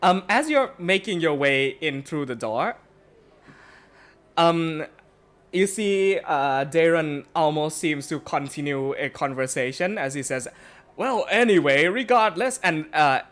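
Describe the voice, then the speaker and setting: A man's voice: on the high side, measured pace, fairly bright tone. A man narrating a tabletop game as game master, rambling with fillers and laughing often.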